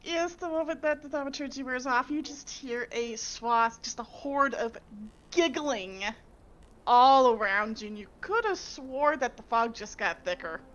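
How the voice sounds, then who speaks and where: A woman's voice: high-pitched, animated, measured pace, fairly bright tone, lo-fi sound. A woman running a tabletop game as game master, narrating the scene vividly and laughing often.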